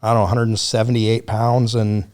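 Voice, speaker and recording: A man telling a story on a podcast in a casual, profane, animated way, acting out what others said. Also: lowish voice, fairly quick. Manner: profane, animated storyteller who acts out quotes.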